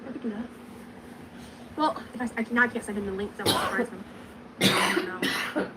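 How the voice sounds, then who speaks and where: A woman livestreaming, chatting quickly and joking as she excuses herself. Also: fairly high pitch, noisy background. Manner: rapid, joking, self-excusing. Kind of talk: casual livestream chat.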